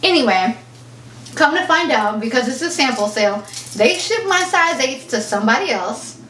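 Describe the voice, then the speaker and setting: A chatty woman fashion vlogger talks through an unboxing at home, lively and storytelling. She sits a little back from the mic in a roomy space, with faint clatter of dishes behind her. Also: high-pitched, normal speed, far from the mic, a little hiss or hum. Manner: chatty, animated storyteller who acts out quoted exchanges. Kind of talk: casual unboxing chat.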